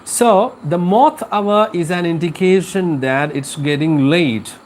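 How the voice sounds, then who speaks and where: A man teaching an English class, explaining a poem slowly with frequent filler pauses. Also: high voice, a little mellow, a little hiss or hum. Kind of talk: live class lecture on a poem.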